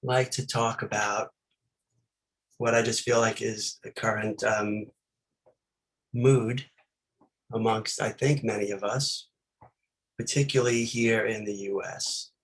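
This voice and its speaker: A man leading a meditation talk, reflective and unhurried, posing many gentle questions with pauses between them. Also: fairly low pitch, fairly even intonation, low-quality recording. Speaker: meditation teacher.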